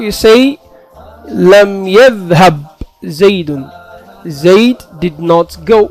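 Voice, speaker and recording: A man's voice: sits high, darkish tone. A man teaching a grammar lesson, steadily explaining each term and then translating it.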